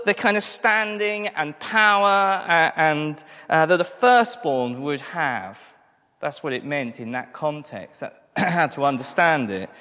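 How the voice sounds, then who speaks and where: Chatty preacher in a reverberant hall. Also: male voice, fairly high pitch, sharp tone. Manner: chatty, self-deprecating, asks the congregation questions. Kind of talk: sermon.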